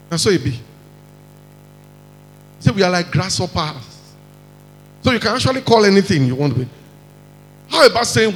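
A man with a Nigerian accent preaching a lively sermon, acting out quotes and mixing in pidgin. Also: high voice, slightly rough, long reverb tail, rough recording. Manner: animated, mixes in pidgin, acts out quotes.

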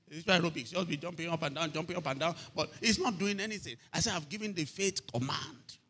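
Bright-voiced storytelling preacher man. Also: fairly high pitch, fast talker, a little hiss or hum. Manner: storytelling preacher, repeats phrases, asks "are you hearing me?". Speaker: pastor. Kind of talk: sermon.

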